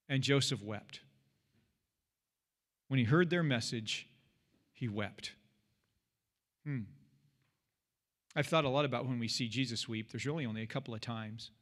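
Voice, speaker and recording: A man's voice: mid-range voice, a little slow, pauses often, fairly bright tone, big-room sound. A man leading a Bible study as pastor, teaching in an earnest, conversational way and often repeating himself. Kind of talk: teaching sermon.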